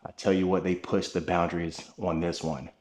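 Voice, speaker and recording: A man's voice: low-pitched, level tone, moderate pace, darkish tone, slight background noise. Upbeat man narrating a house tour. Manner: upbeat, enthusiastic, addresses viewers directly. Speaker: home tour host. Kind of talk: narrated home tour vlog.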